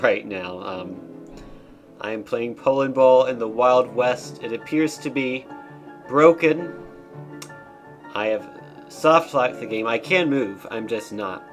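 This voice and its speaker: In a fairly low voice, a man streams a game, reading the text aloud with casual commentary and dry, deadpan side remarks.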